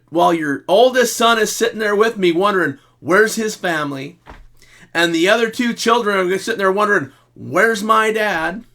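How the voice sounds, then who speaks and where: A middle-aged man giving blunt relationship advice as the host of his own videos, speaking straight to the listener and moving from loud outbursts to quiet resignation. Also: high voice. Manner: lecturing, direct address to the listener; swings between shouting reenactments and quiet resignation. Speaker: self-help video host.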